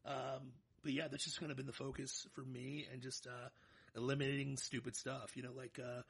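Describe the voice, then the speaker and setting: A man's voice: mid-range voice, brisk, vocal fry, breathy edge. A man in his thirties co-hosting a podcast, talking casually and animatedly, joking and hyping himself up. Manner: animated, jokey, hypes himself up. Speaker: podcast co-host.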